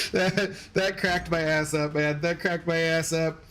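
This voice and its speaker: A man's voice: on the high side, steady tone, slow, fairly bright tone, clean tone. A man chatting casually on a gaming livestream, laughing often, swearing loosely and thanking viewers by name. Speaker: streamer.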